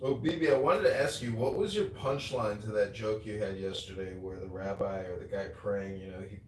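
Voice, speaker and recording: Low-voiced man pressing questions. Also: a little fast, a little hiss or hum. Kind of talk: casual chat. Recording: distant mic in an echoey room.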